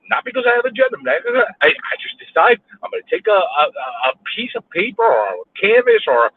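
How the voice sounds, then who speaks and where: A man's voice: extremely high pitch, wildly swooping pitch, brisk, gravelly, breathy edge, dry recording. A man ranting alone in his car while stuck in traffic, exasperated and repeating himself as he swears. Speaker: vlogger ranting while driving. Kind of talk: angry live-streamed rant. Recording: tinny phone-like audio.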